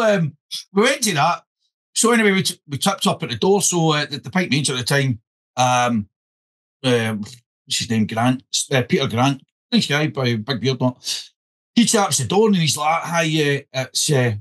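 A man's voice: on the high side, normal speed. A Scottish man hosting a podcast, chatting casually and telling stories with lots of animation. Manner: animated storyteller, keeps saying "listen". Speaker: podcast host.

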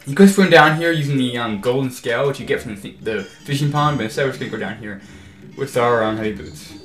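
A man talking through a video game playthrough in a casual, rambling way, quick to grumble at the game. His voice sits at an ordinary middle pitch. It rings in an echoey room, with faint game music underneath. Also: a bit bright. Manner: rambling and easily exasperated, says "freaking" often. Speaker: let's play host. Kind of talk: casual gameplay commentary.

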